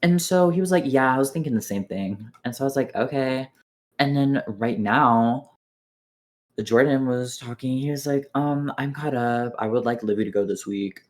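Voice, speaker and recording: A young man in an online voice chat, retelling game drama in a casual, animated way, full of quoted dialogue. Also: mid-range voice, moderate pace. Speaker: player in an online strategy game.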